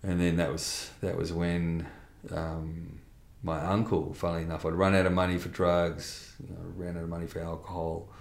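In a roomy-sounding space, a middle-aged man with a low, creaky voice talks at a moderate pace, with little pitch movement and few pauses. As an interview guest, he offers a candid personal testimony, blunt and meandering, restarting often and swearing mildly.

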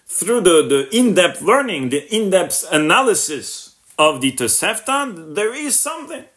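Man teaching a text, pitch jumping up. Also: a bit bright. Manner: mixes Hebrew and Yiddish terms into English, translating each as he goes; rises sharply in pitch when voicing the questions. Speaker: rabbi teaching a class. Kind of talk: Torah lesson on a text.

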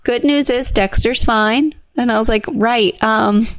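A young adult woman co-hosting a podcast, telling a story in casual chat, animated and laughing as she acts out what people said. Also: on the high side, measured pace, no echo. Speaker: podcast co-host.

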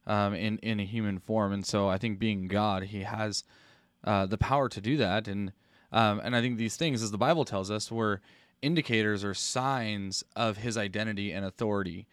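A man co-hosting a religious talk show, answering thoughtfully with ums and pauses. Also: lowish voice, no room sound, studio quality. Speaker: co-host. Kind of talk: casual discussion.

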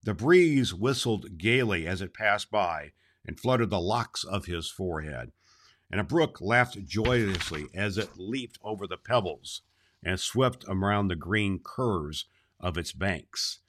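Man in a Santa persona reading a storybook aloud, gentle, lower voice. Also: animated, takes it slowly. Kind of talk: reading a chapter book aloud.

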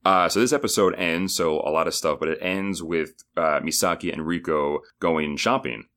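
A man with a very low voice co-hosts a podcast. He recaps episodes in a loose, chatty way and jokes along as he goes. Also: steady tone, a bit bright. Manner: chatty, joking, does quick impressions of people. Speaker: podcast co-host. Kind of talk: casual recap chat.

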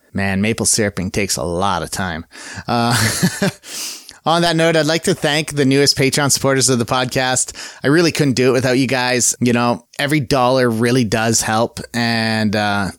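A man hosting a podcast on his own, talking casually and cheerfully at a middling pitch. He drifts between topics with plenty of ums and restarts. His voice sounds dry and close, with no room echo. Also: a bit bright, clear, resonant tone. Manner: rambling and upbeat, with many fillers and self-corrections. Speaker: podcast host. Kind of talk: casual solo podcast chat.

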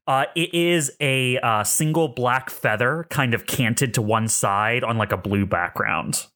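A man's voice: medium pitch, a little slow, pushed and bright. A man running a tabletop game as game master, describing things in a rambling way with lots of fillers.

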